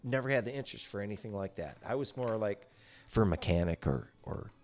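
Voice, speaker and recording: A man's voice: lowish voice, expressive, fast talker, a little mellow. A middle-aged man chatting casually as a podcast guest, rambling with many restarts and salty language. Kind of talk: casual chat.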